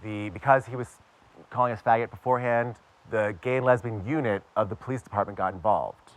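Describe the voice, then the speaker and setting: A man's voice: lowish voice, steady tone, brisk. A man from Pittsburgh telling a personal story to a live audience with wry, self-mocking humor. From Pittsburgh, USA.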